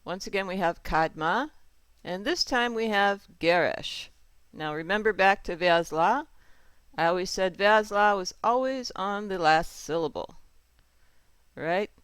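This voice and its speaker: A teacher calmly explaining Torah chanting marks, repeating each rule and checking in with the learner. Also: mid-range voice, a little slow, clean tone, no echo. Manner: patient, repeats rules and checks with "right?". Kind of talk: step-by-step lesson with sung examples.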